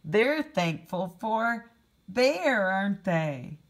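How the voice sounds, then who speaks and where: A preschool teacher, a woman, reading a picture book aloud to young children, gently asking them questions and explaining words. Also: medium pitch, very animated, drawn-out words.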